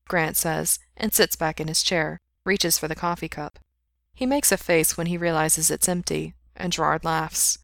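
A woman narrating a fiction audiobook in a steady, plain storytelling voice. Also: sits low, moderate pace, vocal fry, no room sound, studio quality. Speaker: reader.

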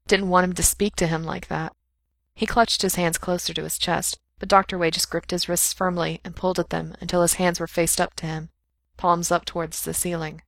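A woman with a slightly low voice reads a fiction audiobook aloud. The recording is dry and close. She acts out the characters' cries and whispers as she goes. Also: vocal fry, no room sound. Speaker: narrator.

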